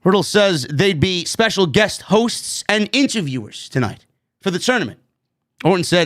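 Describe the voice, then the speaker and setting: New york guy ranting about wrestling, high bright voice, swears a lot, yells. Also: very animated, normal speed. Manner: loud profane ranting, frequent shouting. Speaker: wrestling show reviewer. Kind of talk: ranting show review.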